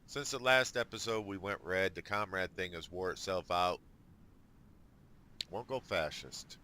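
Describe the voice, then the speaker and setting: A man's voice: low voice, unhurried, sharp tone, a little hiss or hum. A man giving casual let's play commentary on a strategy game, thinking aloud with dry jokes. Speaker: gamer.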